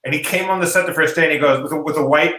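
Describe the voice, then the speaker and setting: A man's voice: a little high, rapid-fire, echoey room, low-quality recording. A man, an improv comedian, chatting casually on a video call and acting out the lines in his stories. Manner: animated storyteller, acts out quoted lines.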